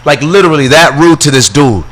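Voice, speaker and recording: A man's voice: on the high side, expressive, fairly quick, a bit bright. A man telling a story on a podcast in a casual, profane, ranting way. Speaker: guest comedian.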